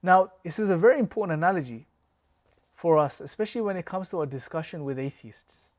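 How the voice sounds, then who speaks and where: A man's voice: on the high side, lively intonation, brisk, a little mellow. A man teaching a recorded religious lecture, explaining with rhetorical questions and a storytelling analogy. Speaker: course teacher.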